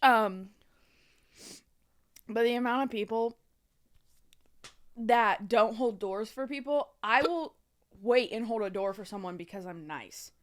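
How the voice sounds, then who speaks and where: A young woman, the host's sister, chatting casually on a podcast, dramatic and quick to swear as she rants. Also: medium pitch, a bit bright. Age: young adult. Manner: dramatic, swears heavily, ranting.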